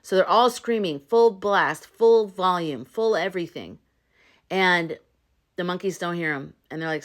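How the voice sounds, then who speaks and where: A woman's voice: fairly low pitch, unhurried. A woman retelling a story and urging her viewers, chatty and earnest, with loose restarts and fillers. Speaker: spiritual vlogger. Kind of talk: casual retelling and pep talk to viewers.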